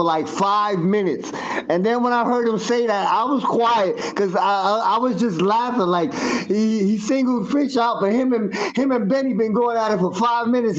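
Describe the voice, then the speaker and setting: A man chatting casually and laughing on a live stream, slangy and easygoing. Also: sits high. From Puerto Rico. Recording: dull lo-fi stream audio with faint hiss.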